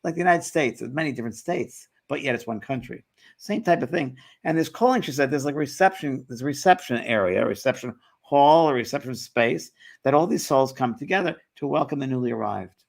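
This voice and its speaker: Gravelly-voiced man telling a story. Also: mid-range voice. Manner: animated storytelling, quotes others with quick voice shifts. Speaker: host. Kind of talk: casual chat.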